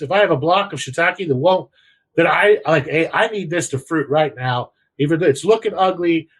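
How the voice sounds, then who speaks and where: A young man chatting casually on a podcast, rambling through crude slang and lively outbursts. His voice sits a little higher than most men's. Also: low-quality recording. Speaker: podcast co-host. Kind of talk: casual chat.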